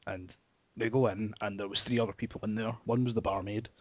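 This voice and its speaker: A man's voice: lowish voice, fairly even intonation, fairly quick, a little mellow, no echo. Laughing young man telling a story. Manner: swearing, laughing through his story. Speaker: podcast host. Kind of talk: casual storytelling chat.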